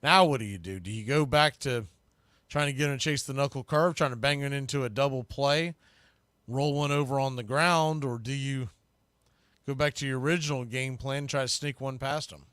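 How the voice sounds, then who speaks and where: A man calling baseball play-by-play for a live stream watch party, talking through game strategy and getting louder on the big pitches. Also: normal speed, clear, resonant tone, dry recording, clean studio sound. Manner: conversational, analytical, bursts louder on big pitches. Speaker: play-by-play announcer.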